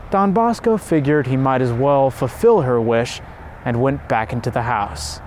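A man giving measured, reverent scripted narration of a devotional story. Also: mid-range voice, darkish tone, a little hiss or hum.

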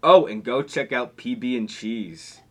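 A young man hosting a podcast in casual chat, rambling and laughing often, his voice trailing off quietly. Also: medium pitch, measured pace. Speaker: podcast host.

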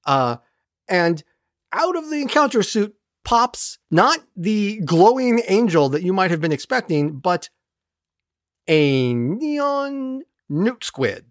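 A podcast host races through an episode recap in a casual, sarcastic tone, swearing and doing quick mimicry of characters. Their pitch swings widely and stays lively throughout. The recording is close and dry. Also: dry recording.

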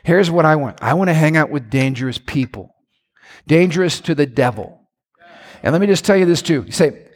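A male pastor preaching a sermon, swinging between low, quiet asides and loud, shouted lines. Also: lively intonation, fairly quick, long reverb tail.

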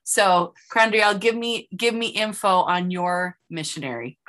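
Bright-voiced chatty woman podcast host. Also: mid-range voice, measured pace. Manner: chatty and effusive, tells stories, laughs often. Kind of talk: casual interview chat.

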